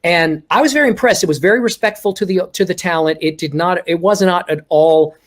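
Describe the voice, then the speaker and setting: High-voiced and brisk, this man from Texas, who has no regional accent, is a ventriloquist guest in a casual interview. He tells stories with animation, acting out what people said to him.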